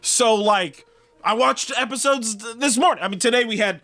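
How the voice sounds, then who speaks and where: A man co-hosting a review podcast, ranting in a profane, animated way and stumbling over restarts. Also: very high voice, moderate pace. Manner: animated and swearing, frequent restarts. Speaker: podcast co-host reviewing a TV series.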